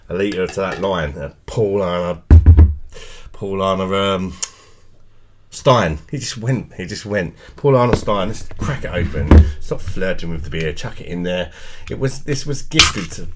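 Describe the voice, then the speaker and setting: A man with a British accent reviewing beer in a casual, jokey, rambling vlog chat, laughing at his own puns. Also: low-pitched. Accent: British English.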